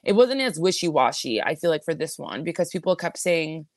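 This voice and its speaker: A woman co-hosting a casual recap podcast, talking in a rambling way full of fillers and quick asides. Her voice sits a little low for a woman. The recording is close and dry. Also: big pitch swings, dry recording. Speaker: podcast co-host.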